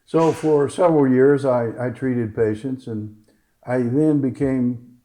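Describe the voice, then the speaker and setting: A man's voice: medium pitch, slow pace, warm tone, rough recording. A man, a doctor, telling a story at a live talk and acting out the lines of the people in it. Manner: acts out other people's lines in his stories. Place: fitness gym, indoors.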